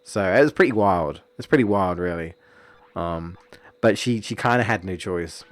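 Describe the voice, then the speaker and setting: A man's voice: low voice, lively intonation, moderate pace, no echo. A man, streaming and chatting casually, rambling with many fillers and restarts. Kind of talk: casual chat about a story.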